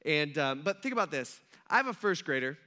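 A man in his thirties preaching like he's chatting with friends, his voice pitched high and bright. He tells stories with animated energy, acting out the people in them and peppering his talk with casual fillers. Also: a little fast. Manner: animated storyteller, acts out quotes, many fillers like "like". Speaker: pastor. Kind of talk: casual conversational sermon.

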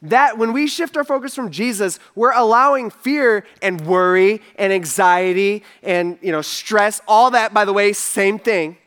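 A man's voice: high voice, a little slow, few pauses, a bit bright, clear, resonant tone. A man giving a casual sermon as a pastor, talking loosely with lots of "like" and acting out voices in his quotes. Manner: conversational, full of "like", voicing characters in quotes.

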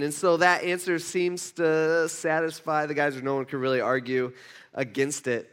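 High-voiced casual preacher. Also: male voice, normal speed, clean tone. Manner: casual, animated storytelling with many restarts. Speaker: pastor. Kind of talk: conversational sermon.

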